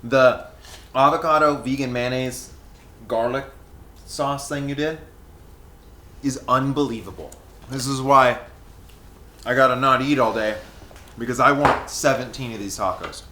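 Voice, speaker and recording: This is an animated man in his thirties telling his own stories on a vlog. He talks casually and keeps dropping "dude" and "bro". His voice sits at a middle pitch, and the room around him sounds echoey. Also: measured pace, long pauses. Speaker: vlogger.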